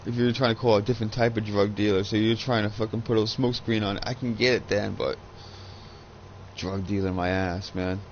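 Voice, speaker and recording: A man's voice: fairly low pitch, steady tone, a little fast, highs cut off, a little hiss or hum. A man in his thirties chatting casually while gaming, a profane, rambling storyteller on a headset. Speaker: gaming channel host.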